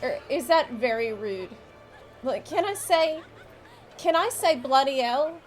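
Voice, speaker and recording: A woman talks to her stream in a high, unhurried voice. She rambles and breaks off her own sentences. Faint music plays underneath. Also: animated. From United States. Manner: chatty, rambling, self-interrupting. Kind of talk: casual chat with stream viewers.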